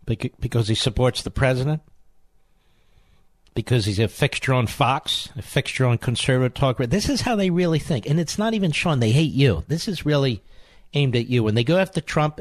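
A man rants on talk radio in a combative monologue, mocking his targets and hammering the same insults again and again. His voice sits at an ordinary middle pitch. It is recorded close and dry in a studio, with no room sound. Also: no room sound. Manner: mocking, sarcastic, repeats insults for emphasis. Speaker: radio talk show host. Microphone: studio microphone.

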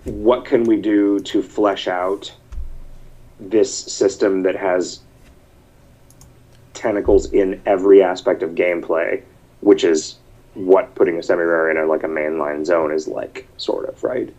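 A fairly low-voiced man hosts a casual podcast over an online call. He rambles, breaks off mid-sentence and reads listener messages aloud. The audio comes through dull and lo-fi. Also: fairly even intonation, unhurried, a little mellow. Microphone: computer mic over an online call.

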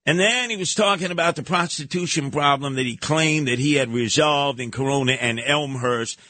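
A man's voice: on the high side, normal speed, sharp tone, no echo. A man hosting a talk radio show, giving combative, sarcastic commentary. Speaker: radio host.

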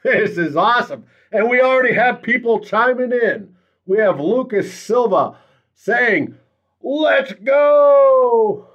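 Man, high voice, slow, easygoing, laughs a lot, reads comments, dull lo-fi sound. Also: expressive. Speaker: podcast co-host reading listener comments. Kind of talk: casual sports chat. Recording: dull lo-fi audio.

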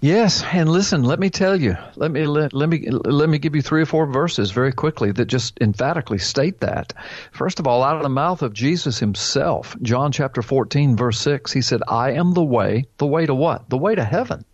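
A man's voice: medium pitch, expressive, normal speed, no room sound, highs cut off. A man hosting a call-in show as a pastor, preaching emphatically, quoting scripture and asking rhetorical questions. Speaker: pastor answering a caller.

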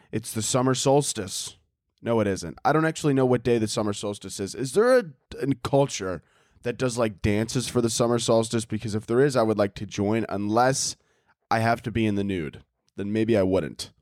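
A man's voice: medium pitch, dry recording, clean studio sound. A man hosting a solo comedy podcast, rambling crudely and joking with frequent restarts. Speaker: podcast host.

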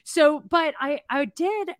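A woman's voice: sits high, takes it slowly, dry recording. A woman hosting an interview show, chatting casually with many restarts and fillers. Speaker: podcast host.

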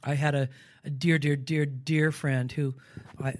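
Older man, guest actor, animated raconteur, voice sits a bit high. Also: a little slow. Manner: animated, acts out quoted voices. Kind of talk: casual interview storytelling.

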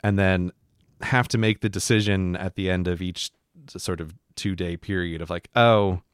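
A man with a fairly low voice talks through his work habits in an easy, reflective podcast chat, leaning on "like" as he thinks aloud. The sound is dry and close, with no room around it. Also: little pitch movement, normal speed, clean tone, dry recording. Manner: reflective, chatty, lots of "like" fillers. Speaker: podcast co-host. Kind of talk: casual chat.

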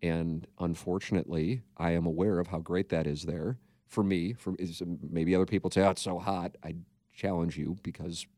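A man's voice: deep voice, fairly even intonation, moderate pace, mellow, no echo, studio quality. A man co-hosting a podcast, talking in a rambling, candid way and swearing freely. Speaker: podcast co-host. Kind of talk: casual podcast chat.

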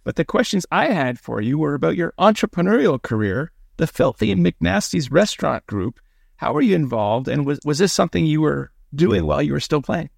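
A man hosting an interview and asking measured, prepared questions. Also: fairly high pitch, lively intonation, gravelly, no echo, clean studio sound. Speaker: interview host.

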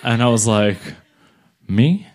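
A man's voice: medium pitch, slight background noise. A young man, a stand-up comic, telling a story live and acting out other people's lines. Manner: animated, acts out other people's lines in quick bursts. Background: audience laughter.

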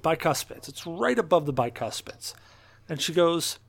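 A man with a fairly high voice for a man tells a long story on a podcast in a loose, casual way. He swears freely and slips into quick impressions of the people in his story. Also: vocal fry. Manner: animated, profane anecdote-telling with quoted dialogue. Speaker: podcast co-host.

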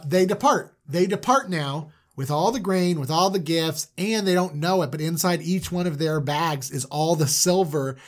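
Man, casual comedic storyteller, animated, joking asides, somewhat high pitch.

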